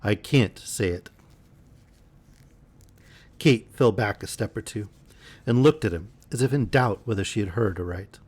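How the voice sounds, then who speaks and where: A man calmly reading a classic novel aloud as a bedtime story. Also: lowish voice, moderate pace, breathy edge.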